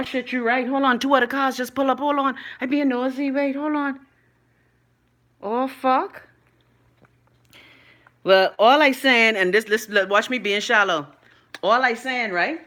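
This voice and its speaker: Loud, gossipy young Bahamian woman. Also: a little high. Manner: loud, animated, gossipy, swears freely. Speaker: live-stream host. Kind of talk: casual live-stream chat.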